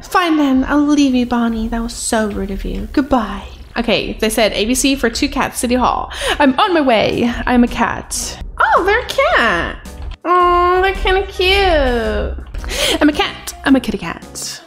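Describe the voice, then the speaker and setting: A woman giving playful gameplay commentary in an excitable way, often gasping and giggling. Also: sits high, a little slow, faint music behind. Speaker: gaming video creator.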